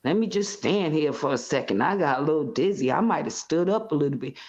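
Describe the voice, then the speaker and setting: Brief: low-pitched woman guest, lively storyteller, slightly muffled recording. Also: a little fast. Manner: animated, expressive, acts out scenes. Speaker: interview guest. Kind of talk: casual interview storytelling.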